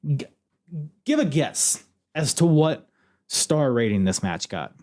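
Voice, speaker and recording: A man hosting a podcast alone, excitedly recapping a wrestling match move by move and swearing freely. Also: mid-range voice, slow. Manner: excitable, swears freely, calls moves like a commentator. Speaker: podcast host.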